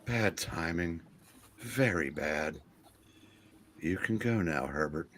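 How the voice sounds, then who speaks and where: A man voicing a smug male businessman from a comic, with a hushed, low mutter. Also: lively intonation, slow pace, a little hiss or hum, heavily acted. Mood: dismissive. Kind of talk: reading a comic aloud with voices.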